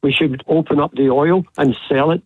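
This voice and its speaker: Opinionated male caller, husky and higher-pitched, phone-line audio. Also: fairly even intonation, moderate pace, no room sound. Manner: emphatic, opinionated.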